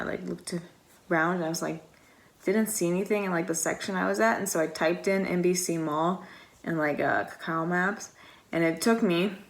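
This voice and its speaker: Chatty young woman with a gravelly, low voice. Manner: rambling and chatty, heavy use of "like"; acts out quoted exchanges. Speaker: vlogger. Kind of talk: casual storytime vlog.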